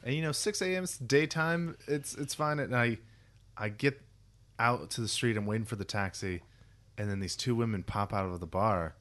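A man with a mid-range voice and normal pace co-hosts a podcast. In casual chat, he tells stories animatedly, acting out the voices of the people he quotes.

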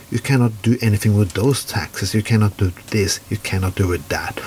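A man's voice: fairly low pitch, a little fast, few pauses, a little mellow, slight background noise. A man from Norway with a Norwegian accent, giving a furious political rant full of swearing. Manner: heavy swearing, furious and blunt.

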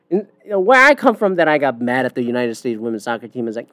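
A woman's voice: very deep voice, very animated, fast, a bit bright, no room sound. A woman hosting a podcast, ranting bluntly and profanely in casual talk with many fillers. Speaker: podcast host. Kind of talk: casual opinion rant.

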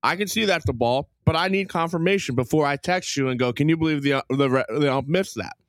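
Blunt profane Philly podcast host. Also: male voice, a little high, quick pace, dry recording. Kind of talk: casual chat while watching a game.

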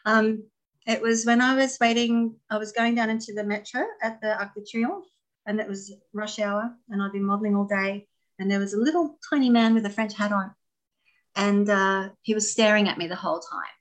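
A middle-aged woman recalls her dancing days as an interview guest, talking in a casual, animated way. She laughs easily, sometimes acts out voices, and her pitch sits in the usual middle range. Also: moderate pace, rough recording. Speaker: interview guest, former dancer. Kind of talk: casual storytelling.

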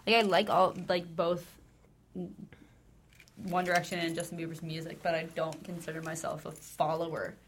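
A woman's voice: lowish voice, little pitch movement, normal speed, a little hiss or hum. A young woman co-hosting a podcast in casual chat, talking in a dry, matter-of-fact way and often mumbling. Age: young adult. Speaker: podcast co-host.

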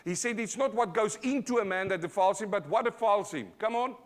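Aussie pastor preaching live in church, punchy, calls out to the crowd, voice on the higher side. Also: male voice, quick pace. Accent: Australian. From Australia. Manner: emphatic, call-and-response preaching; swings from loud and high to low and quiet. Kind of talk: sermon.

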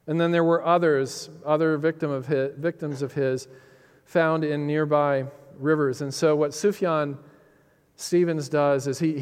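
A man preaching with a slightly high voice that rings out through a hall with a long, lingering reverb. He pushes key words up with force, then drops to a hushed, heavy tone and leans on dramatic pauses. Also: clear, resonant tone. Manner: emphatic, rises on key phrases then drops low and quiet; dramatic pauses, quotes lines with feeling. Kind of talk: sermon.

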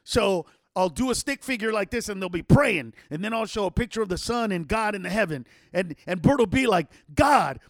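A man hosting a podcast from his home setup, telling stories in a casual, animated way, swearing freely and acting out what other people said. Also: sits high, a little fast, hardly any pauses, no room sound. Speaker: podcast host. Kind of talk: casual storytelling to listeners.

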